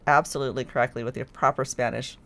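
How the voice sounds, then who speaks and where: A woman's voice: a bass voice, fairly even intonation, fast, vocal fry, sharp tone. Chatty enthusiastic woman on a podcast. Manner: chatty, enthusiastic, lots of fillers. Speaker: podcast guest, filmmaker staff. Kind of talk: casual chat.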